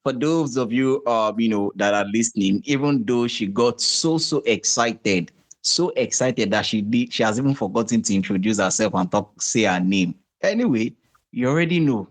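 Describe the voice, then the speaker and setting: A man with a Nigerian accent hosting a music podcast in casual chat, relaxed and full of fillers, slipping into pidgin. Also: mid-range voice, moderate pace. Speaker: podcast host.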